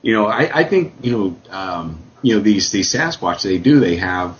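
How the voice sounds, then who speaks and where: A deep-voiced man talks in a loose, rambling way, full of fillers and restarts. The sound is dull and lo-fi, like an old radio show. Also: big pitch swings, normal speed, a little hiss or hum. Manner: rambling, many fillers and restarts, folksy grammar. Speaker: guest describing a Sasquatch sighting. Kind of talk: casual call-in radio talk.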